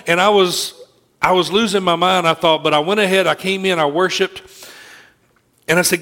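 A man's voice: high voice, normal speed, pauses often, a bit bright. A middle-aged man preaching a sermon, telling a personal story in an earnest way and often restarting his sentences.

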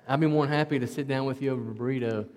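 A man's voice: mid-range voice, fairly even intonation, racing, darkish tone, big-room sound. A male pastor with a Southwest Virginia country twang, preaching in a folksy, conversational way and often calling the listeners "man.". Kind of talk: sermon.

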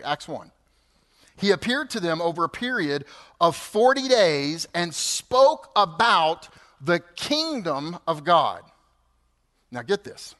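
A man in his fifties, a pastor preaching a sermon, animated and building to emphatic peaks. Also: fairly high pitch, slow pace. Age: 50s. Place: church sanctuary.

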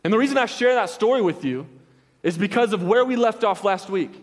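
Speaking high-pitched and a little fast, a young male pastor delivers a storytelling sermon in a loose, slangy, rambling manner full of restarts. A long reverb tail trails his voice.

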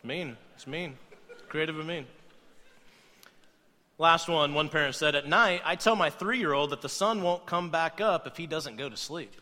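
A man preaching a humorous sermon, playful and animated, acting out quoted voices as he goes. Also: a little high, normal speed, long reverb tail, slight background noise. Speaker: pastor.

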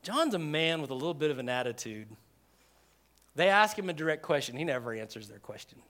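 A man preaching a sermon in a conversational, animated way, acting out quoted voices. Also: a little high, fairly quick. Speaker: pastor.

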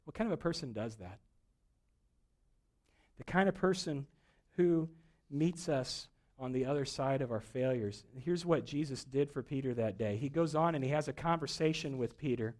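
A man's voice: medium pitch, moderate pace, a little mellow. Storytelling preacher man. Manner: storytelling preacher, acts out dialogue, rising and falling intensity. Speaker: pastor. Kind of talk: sermon.

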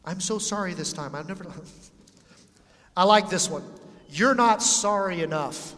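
A man's voice: high-pitched, slow, a bit bright. A man preaching a sermon in a conversational way, reading scripture and acting out quotes. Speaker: pastor. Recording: long hall reverb.

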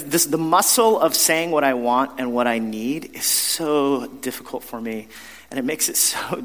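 A man's voice: medium pitch, a bit bright. A man preaching a sermon as pastor, in a conversational, self-deprecating storytelling manner with frequent restarts. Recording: long reverb of a large hall.

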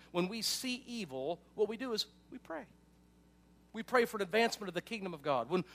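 A man's voice: sits high, fairly bright tone. A man preaching a sermon in a casual, conversational way, with frequent asides and questions to the congregation. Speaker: pastor.

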